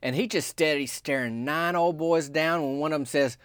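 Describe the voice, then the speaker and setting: A man telling a comic story in a rambling, deadpan, folksy way. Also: mid-range voice, brisk, few pauses, no echo, clean studio sound.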